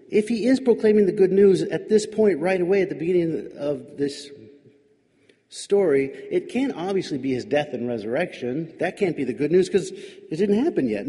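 A man's voice: fairly high pitch, lively intonation, normal speed, warm tone. A male pastor giving a reflective sermon, musing aloud with wry, questioning asides. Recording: long hall reverb.

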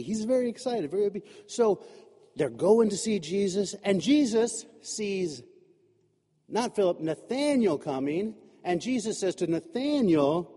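A man with a high, mellow voice preaches in a relaxed, joking, conversational way. He fills his talk with "you know" and asides. His voice rings with a long echo, as from a church hall. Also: measured pace, husky. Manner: chatty and humorous, many fillers like "you know". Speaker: pastor. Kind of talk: conversational sermon. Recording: echoey hall.

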